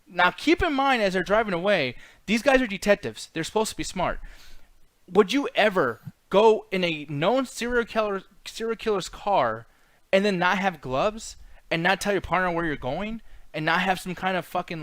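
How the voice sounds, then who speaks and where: A man's voice: sits high, a bit bright, dry recording. A man with a slightly raised voice rants through a movie review, swearing often and sounding exasperated. The sound is dry and close, with no room around it. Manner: profane, ranting, exasperated. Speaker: podcast co-host. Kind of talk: casual movie review chat.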